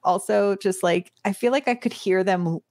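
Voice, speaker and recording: A woman co-hosting a podcast in casual chat, laughing often and filling pauses with ums. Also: medium pitch, darkish tone, dry recording. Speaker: podcast co-host.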